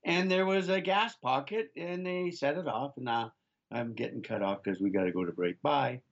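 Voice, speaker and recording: A man's voice: medium pitch, normal speed, muffled recording. An older man co-hosting a talk radio show, making emphatic political points to listeners and stumbling through frequent restarts. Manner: emphatic, restarts often, addresses listeners as folks. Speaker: radio co-host. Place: remote location, off-site from studio.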